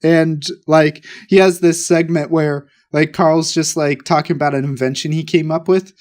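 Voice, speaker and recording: Rambling, excitable man. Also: fairly high pitch, normal speed. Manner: rambling, excitable storytelling with restarts. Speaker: podcast co-host. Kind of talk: casual chat.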